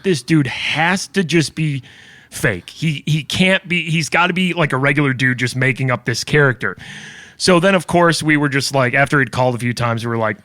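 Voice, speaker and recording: Guy telling radio stories, kinda high voice, laughs a lot, dry mic. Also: moderate pace, no echo. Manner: animated storyteller, laughs often. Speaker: radio show co-host, podcast guest. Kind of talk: casual podcast conversation. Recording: dry studio sound.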